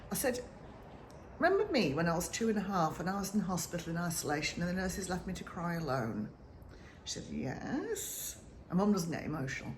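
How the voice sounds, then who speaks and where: Northern English woman in her fifties, earnest and emotional personal story, lowish voice, roomy echo with faint background hum. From north of England. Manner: earnest, emotional, halting with restarts. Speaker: sleep consultant.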